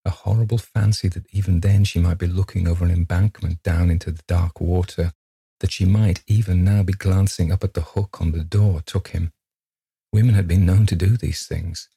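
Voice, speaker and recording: A man narrates a ghost story in a measured, grave way, with a very deep, gravelly voice. His tone is dark and very husky, and the recording is close and dry. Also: steady tone, no room sound. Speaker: audiobook narrator.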